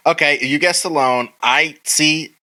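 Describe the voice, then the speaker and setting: A man's voice: a little high, measured pace, bright, forceful tone, rough recording. A man co-hosting a podcast in casual, rambling chat, swearing freely and acting out movie quotes. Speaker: podcast co-host.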